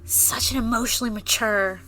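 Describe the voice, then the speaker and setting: A woman's voice: a little high, fairly even intonation, fairly quick, pushed and bright, a little hiss or hum. A woman co-hosting a podcast, chatting casually about a movie, swearing, laughing and getting worked up. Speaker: podcast co-host.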